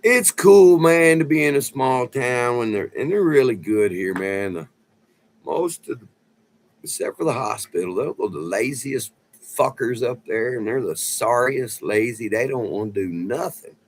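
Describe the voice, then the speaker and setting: A middle-aged vlogger rambles casually through stories in a loose, profane way, saying "man" over and over. His mid-range voice has lively intonation, and the rough recording has a little hiss or hum.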